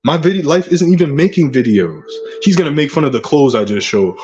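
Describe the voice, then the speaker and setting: A man's voice: mid-range voice, lively intonation, brisk, few pauses, a little mellow, dull audio. A man hosting his own channel, delivering an aggressive, profane rant full of taunting insults. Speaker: channel host. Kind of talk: ranting vlog monologue.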